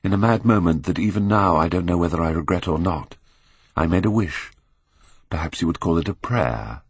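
A man reading a bitter, detached young man in an audiobook, speaking quietly and subdued. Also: low-pitched, fairly quick, husky, no echo.

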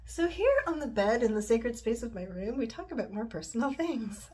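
A woman's voice: on the high side, lively intonation, moderate pace, hardly any pauses, darkish tone, slight background noise. Rambling, confessional woman vlogging from her bed. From Montreal, Canada. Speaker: yoga and stretching vlogger. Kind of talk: casual personal vlog chat. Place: her bedroom, sitting on the bed.

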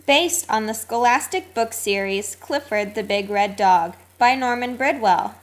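A woman reading a children's storybook aloud, expressive and sing-song. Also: on the high side, measured pace. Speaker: narrator.

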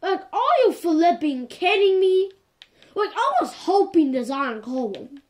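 A woman giving casual, animated commentary while playing a game. She sounds exasperated and keeps coming back to the same complaints. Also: extremely high pitch, unhurried. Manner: animated and exasperated, repeats "like, for real". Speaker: gameplay commentator.

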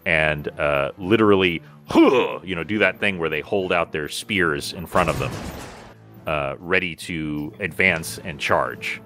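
A man narrating a tabletop game as game master, relaxed and full of fillers and restarts. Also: sits low, unhurried, faint music behind.

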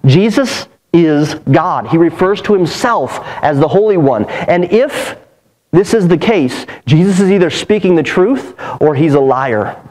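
High-voiced man preaching a sermon. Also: expressive, unhurried, a little mellow, rough recording. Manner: emphatic, earnest preaching with repeated phrases. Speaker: pastor. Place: church sanctuary.

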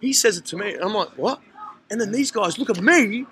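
A man's voice: sits high, fairly quick, a crowd in the background, poor audio. A man casually telling a long, sweary story to friends, acting out what everyone said. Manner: animated, sweary, acts out quotes. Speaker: podcast host telling a story. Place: hostel common area, indoors.

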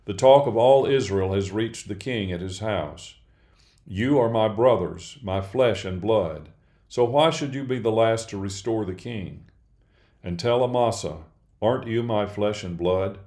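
A man's voice: on the low side, a little slow, dark tone, natural voice. A man reading the lines of a grieving old king in a subdued, mournful way. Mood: commanding.

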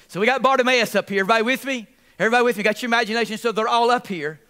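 Racing along in a very high, clear and resonant voice, a pastor preaches with lively repetition. He keeps calling on the congregation to answer back.

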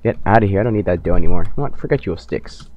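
A young man hosting his own gaming channel, giving playful, trash-talking commentary over his game and bursting into loud shrieks. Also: deep voice, animated, racing. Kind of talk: let's play commentary.

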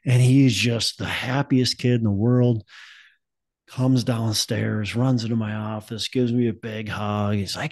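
A man's voice: on the low side, fairly even intonation, a little slow, a little mellow, no echo. A man hosting a podcast in casual chat, rambling and upbeat with plenty of fillers and restarts. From Minnesota. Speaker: podcast host.

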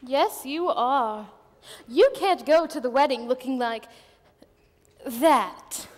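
An actress playing a worldly, tipsy chaperone in a stage musical, with a languid, theatrical drawl. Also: female voice, high voice, expressive, takes it slowly. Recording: reverberant stage sound.

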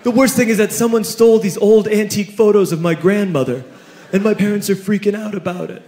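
A man's voice: high voice, fairly quick, a little mellow, a little hiss or hum, pitched above the performer's own voice, natural voice. A man doing an anxious teenage boy. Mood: worried. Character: anxious teenage boy, party host's son. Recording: echoey live stage recording with laughing crowd.

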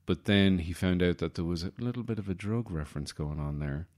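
Guy doing a comedy podcast solo, really deep voice, wry and rambly. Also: a little fast, a little mellow. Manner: wry, self-deprecating, digressive. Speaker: podcast host.

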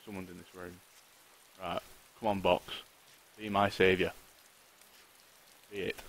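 Gaming live, a man mutters to himself and to the survival game on screen, cursing a lot and breaking into frustrated complaints. His low voice is steady, slow and fairly bright, with long pauses, and the recording is rough.

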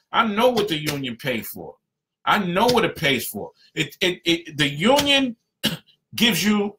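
A fired-up man addresses union members in a live stream, talking in a loose, colloquial way. His voice is bright and forceful, and he presses his points hard. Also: a little high. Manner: passionate, emphatic, colloquial. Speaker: union representative.

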